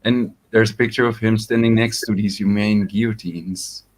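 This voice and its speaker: A man's voice: on the low side, fairly even intonation, normal speed, poor audio. A man in a casual group voice chat who reads messages aloud and muses on them. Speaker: chat participant.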